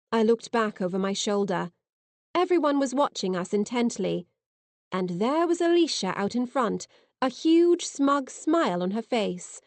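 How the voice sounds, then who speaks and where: A woman narrating an audiobook in first person with lively, expressive reading, on a close mic. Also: fairly high pitch, a little slow, no room sound.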